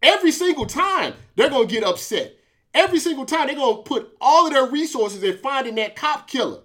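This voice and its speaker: A man's voice: very high voice, lively intonation, brisk, fairly bright tone. A man hosting a sports talk show, arguing emphatically and repeating his points to a co-host. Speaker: podcast host. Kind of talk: heated commentary talk.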